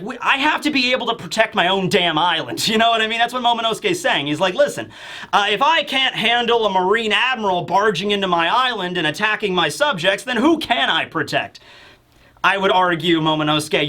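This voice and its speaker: A man reviewing a manga chapter in casual chat, animated and acting out the characters. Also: on the high side.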